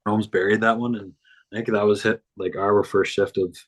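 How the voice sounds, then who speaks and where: A man's voice: on the low side, little pitch movement, moderate pace, low-quality recording. A young man, a hockey player chatting as a podcast guest in an easygoing, rambling way. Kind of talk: casual interview chat.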